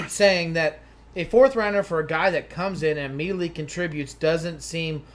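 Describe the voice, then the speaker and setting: A man's voice: fairly high pitch, moderate pace. A man co-hosting a sports talk show, reading out viewer comments and chatting casually. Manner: reads comments, chatty and agreeable.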